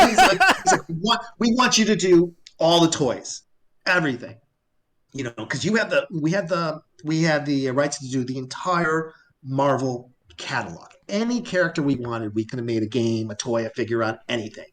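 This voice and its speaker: Lively man acting out a story. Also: on the high side, fairly quick. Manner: acts out both sides of remembered conversations; laughs often while telling the story. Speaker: guest telling a story. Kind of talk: animated storytelling in casual talk. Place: live-streamed talk show.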